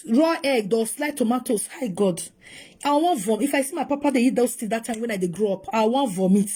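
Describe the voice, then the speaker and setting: High-voiced Nigerian woman vlogging. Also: a little fast, slightly rough. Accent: Nigerian Pidgin English. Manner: animated, swings between pleading and scolding. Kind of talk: emotional casual monologue.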